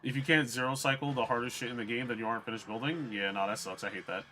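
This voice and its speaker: A man with a bright, forward voice gives loose, profane running commentary while he plays a game. He chats to his viewers as he goes, at an everyday pitch, with a faint hiss under the audio. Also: fairly even intonation, quick pace. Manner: chatty, profane, talks to viewers. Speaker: streamer. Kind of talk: casual gameplay commentary.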